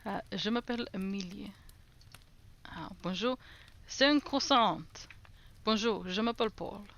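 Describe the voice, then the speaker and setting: A woman's voice: mid-range voice, unhurried, gravelly, fairly bright tone, a little hiss or hum. A woman streamer chatting casually while doing language lessons, repeating foreign phrases aloud and giggling often.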